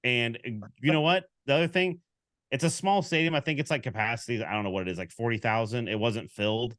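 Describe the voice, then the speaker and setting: A man co-hosting a casual sports podcast, telling stories with lively quoted back-and-forth. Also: medium pitch, fast talker, no room sound, studio quality. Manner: animated storyteller, acts out quoted exchanges. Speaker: podcast co-host.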